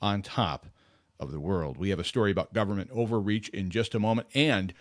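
A man's voice: lowish voice, fairly quick, dry recording. A man hosting a casual radio talk show, rambling and self-mocking as he chats from a studio mic.

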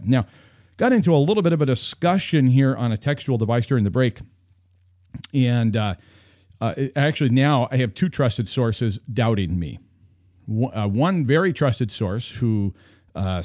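A man's voice: mid-range voice, darkish tone, breathy edge, no echo. Radio host guy, voice jumping all over, playful self-mocking banter, dry studio sound. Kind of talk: call-in radio talk.

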